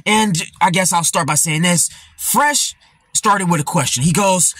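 A man's voice: sits high, a little slow, a bit bright, no echo. A man giving casual commentary, rambling and laughing, full of "you know" fillers. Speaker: commentary vlogger.

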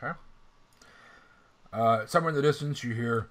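A man running a tabletop game as game master, casual and profane, often clearing his throat. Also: mid-range voice, normal speed, pauses often, fairly bright tone.

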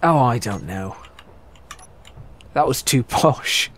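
A man's voice: medium pitch, expressive, slow pace. A man hosting a multiplayer game session, musing half to himself while he builds. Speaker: host. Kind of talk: casual gaming chat.

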